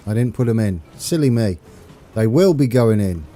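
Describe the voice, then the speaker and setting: A man's voice: lowish voice, lively intonation, moderate pace, warm tone, slight background noise. A man from the UK chatting casually with viewers on a live stream while playing a train game, rambling and chuckling as he reads chat. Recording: faint game music behind.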